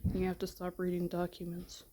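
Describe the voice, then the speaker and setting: A young woman reading her own document aloud, soft and halting with hesitations, her voice wearing out. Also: lowish voice, completely flat delivery. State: losing her voice.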